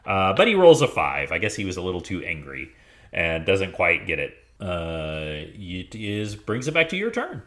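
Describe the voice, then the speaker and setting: A man running a tabletop game as game master, narrating with animated, laughing chatter. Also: low voice, moderate pace.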